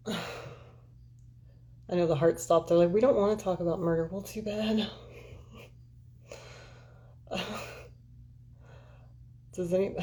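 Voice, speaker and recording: Rambling, blunt woman livestreamer, lower voice. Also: dark tone. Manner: rambling, candid and profane, talking straight to viewers. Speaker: livestream host chatting with viewers. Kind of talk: casual chat.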